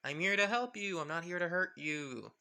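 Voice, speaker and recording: A man's voice: sits high, expressive, moderate pace, creaky, pushed and bright, pitched above the performer's own voice, heavily acted. A man voicing a young female ninja who speaks in a reassuring way.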